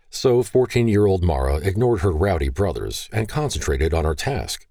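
Male audiobook narrator, very low, mellow tone, animated delivery. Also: no echo, clean studio sound. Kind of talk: scripted narration.

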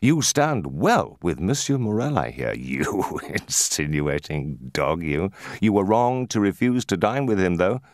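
A man's voice: low-pitched, very animated, unhurried, hardly any pauses, dry recording, clean studio sound. A man doing a sly, tipsy, blustering neighbour. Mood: sly joviality. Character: blustering tipsy middle-aged male neighbour.

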